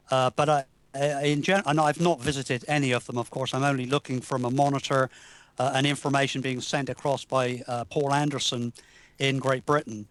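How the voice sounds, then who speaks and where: A man's voice: mid-range voice, no echo. Earnest man, dry close sound. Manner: earnest, halting with restarts. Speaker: guest researcher. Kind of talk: casual talk show chat.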